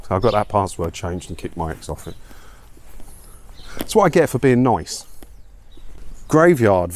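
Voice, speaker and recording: A man's voice: medium pitch, darkish tone, a little hiss or hum. A man talking in a rambling, chatty, self-mocking way while walking outdoors for his vlog. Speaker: vlogger. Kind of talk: casual walking vlog chat.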